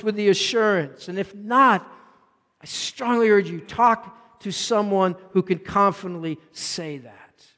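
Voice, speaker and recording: A male pastor delivers a sermon with a notably high-pitched voice. He swings between raised, emphatic declarations and hushed, low asides. The sound carries the long reverb of a large church hall.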